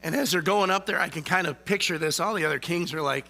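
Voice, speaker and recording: A man's voice: on the high side, quick pace, vocal fry, bright, forceful tone. A man preaching a sermon in a casual, conversational way, often checking in with the listeners by asking "okay?". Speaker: lay preacher.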